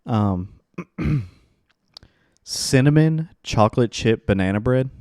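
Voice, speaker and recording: A man hosting a casual sports podcast with his co-hosts, energetic and rambling, with frequent restarts. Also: medium pitch, slow, dry recording, clean studio sound. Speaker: podcast host. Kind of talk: casual chat.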